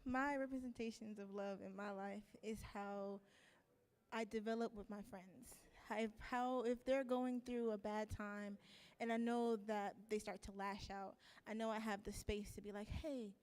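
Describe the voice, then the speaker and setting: A woman sharing a personal story in a circle, earnest and a little halting. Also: mid-range voice, fairly even intonation, a little mellow, clear, resonant tone. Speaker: circle participant.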